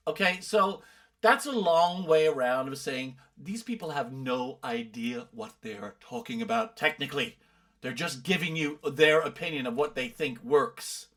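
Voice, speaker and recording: A man's voice: a little high, expressive, moderate pace, a bit bright. A middle-aged man from the UK, a vocal coach commenting on other coaches' videos with emphatic, exasperated explanations. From United Kingdom.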